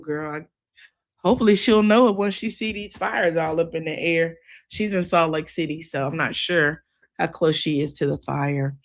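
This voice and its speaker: A woman hosting a casual news commentary show, folksy and chatty, talking straight to her listeners. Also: low voice. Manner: chatty, folksy, addresses listeners as y'all and child. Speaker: host.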